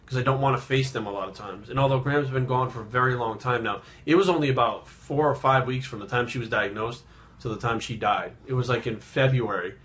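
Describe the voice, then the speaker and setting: Man telling a rambling, halting personal story. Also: medium pitch, a bit bright. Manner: rambling, halting, with frequent swearing; subdued and reflective. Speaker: fitness vlogger.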